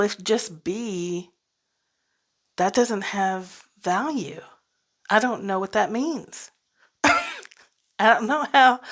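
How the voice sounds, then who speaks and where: A woman hosting a solo podcast, talking casually and reflectively, laughing often and dropping into whispered asides. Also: medium pitch. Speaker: podcast host.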